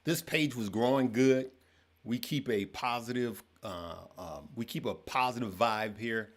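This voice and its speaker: A man's voice: mid-range voice, unhurried. A man hosting a casual live stream, greeting viewers by name and chatting loosely with frequent fillers. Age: adult with children. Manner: greets viewers by name, stumbles over names. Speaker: livestream host. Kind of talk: casual livestream chat.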